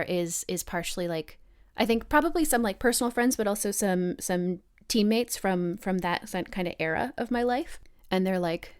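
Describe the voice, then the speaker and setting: Woman, smooth clear voice, reflective first-person storytelling, tabletop game player, acts out dialogue. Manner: reflective, acts out quoted dialogue with lively pitch jumps.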